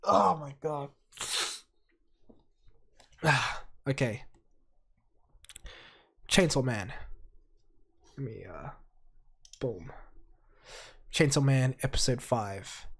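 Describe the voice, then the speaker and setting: A hoarse, sick-sounding man reviews anime episodes casually, rambling and excitable with heavy profanity. His medium-pitched delivery is very slow, with long pauses.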